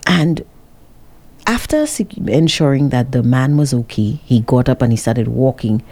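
A woman vlogger telling her viewers a dramatic story, with an animated, expressive delivery. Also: a bass voice, unhurried. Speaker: vlogger working with a cameraman.

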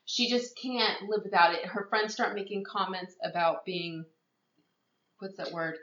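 A woman chatting casually as a podcast co-host, retelling a story and jumping into the characters' lines. She sits in an echoey room, and the recording sounds a bit dull and lo-fi. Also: measured pace. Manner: animated storyteller who acts out quotes in a higher voice. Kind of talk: casual chat recapping a TV movie.

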